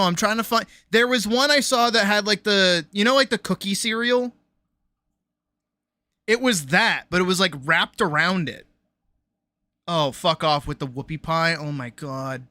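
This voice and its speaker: A woman streamer chatting casually on a live stream, reacting loudly with exclamations, swearing and laughter. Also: on the low side, no room sound. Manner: loud, exclamatory, swears freely, laughs often.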